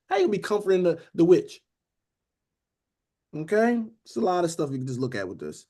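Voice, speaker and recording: A brisk, high-pitched male voice delivers a Bible study in conversational sermon form. He brings energy by acting out characters and keeps using "beloved" and "okay?".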